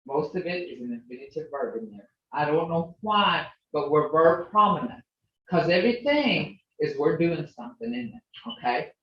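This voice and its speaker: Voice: medium pitch, lively intonation, normal speed. A language teacher giving an online class, sounding out syllables one by one and often checking in with "okay?". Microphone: video call. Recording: roomy, dull video call audio.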